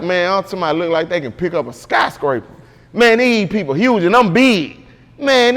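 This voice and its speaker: A man's voice: sits high, fairly bright tone, big-room sound. A man guest in an interview, telling a story casually and with animation, full of slang and repeated "bro".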